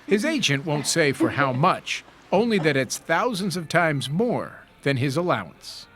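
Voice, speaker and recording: A man reporting a scripted television news story in a measured, lively reporter's delivery. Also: a little high. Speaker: news correspondent.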